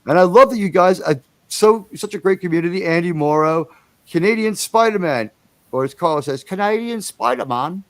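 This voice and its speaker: A man's voice: fairly high pitch, a little fast, few pauses, dry recording. A man hosting a casual livestream, rambling and chatty, with enthusiastic, profane asides. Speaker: livestream host.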